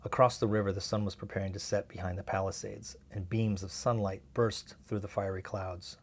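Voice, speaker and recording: Male audiobook narrator, low voice, steady and measured. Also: husky.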